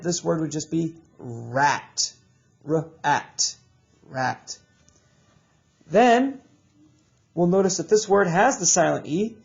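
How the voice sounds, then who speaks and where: A man teaching a recorded reading lesson to children, drilling sounds and words in slow call-and-response. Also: a little high, gravelly, muffled recording.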